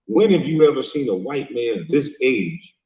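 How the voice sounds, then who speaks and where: A man's voice: mid-range voice, sing-song, moderate pace, a little mellow, far from the mic. A middle-aged man hosting a livestream, ranting and mocking in a profane, scolding way. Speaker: livestream host. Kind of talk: heated reaction rant. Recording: echoey, from off-mic.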